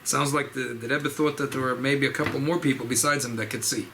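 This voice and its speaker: A rabbi, speaking informally at a farbrengen gathering, often repeating and restarting phrases. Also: male voice, medium pitch, steady tone, quick pace, gravelly, sharp tone, slight background noise, low-quality recording. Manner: repetitive, restarts phrases, mixes Yiddish and Hebrew terms. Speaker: rabbi giving a farbrengen talk. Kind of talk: informal Chassidic talk at a gathering.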